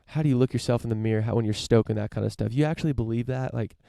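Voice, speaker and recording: A man's voice: medium pitch, racing, gravelly, mellow, dry recording, studio quality. A young man hosting a podcast, rambling through a casual profane rant with lots of restarts and fillers. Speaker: podcast host.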